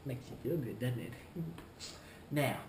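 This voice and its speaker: A man playing a smug, slow-talking shoe clerk. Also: medium pitch, animated, noisy background, close to an everyday voice. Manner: slow, deliberate, condescending, smug. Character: smug, self-important male shoe store clerk. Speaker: shoe store employee character. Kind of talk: comedic vlog monologue. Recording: roomy echo, faint ambience.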